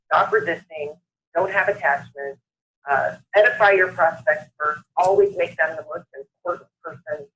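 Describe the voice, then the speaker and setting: A woman's voice: low-pitched, moderate pace, a bit bright, slight background noise. A woman hosting a motivational conference call, upbeat and emphatic, repeating phrases for effect. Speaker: call host. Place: Southern California. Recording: muffled phone-line call recording.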